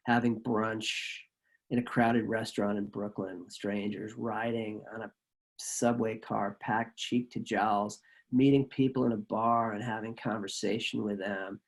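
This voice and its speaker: A man telling a personal story at a live show, animated and acting out the people he quotes. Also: fairly low pitch, vocal fry, breathy edge.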